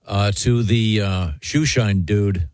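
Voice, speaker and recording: A man co-hosting a radio show, chatting casually in a rambling, halting way. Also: lowish voice, darkish tone, no room sound, studio quality. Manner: rambling, halting with fillers and laughter. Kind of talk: casual morning radio banter.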